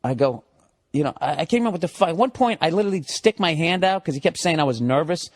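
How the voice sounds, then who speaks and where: A man telling a story as a stand-up comedian, profane and ranting, building up to loud outbursts. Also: on the high side, animated, quick pace.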